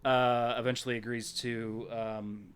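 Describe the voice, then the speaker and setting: Mid-pitched man, crude jokey recapping. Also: flat delivery, a little slow, a bit bright, clean tone. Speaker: podcast co-host. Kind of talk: casual movie-review chat.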